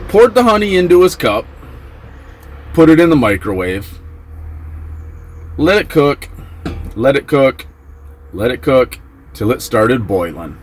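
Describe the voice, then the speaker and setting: Animated man telling a prison story. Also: on the high side, a little hiss or hum, poor audio. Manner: animated, acts out quotes with excited yelps. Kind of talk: casual storytelling.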